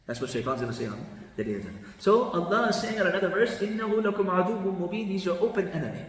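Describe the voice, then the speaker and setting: A man, a mufti, giving a lively religious lesson, shifting his tone with the meaning and chanting Arabic passages quickly. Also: high voice. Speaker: mufti teaching Quran commentary. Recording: echoey hall from a distant mic.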